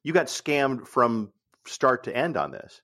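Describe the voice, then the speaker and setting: A man who hosts a radio show, chatting in a relaxed way and trading stories with his guest. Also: mid-range voice, slow pace. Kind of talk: casual interview chat.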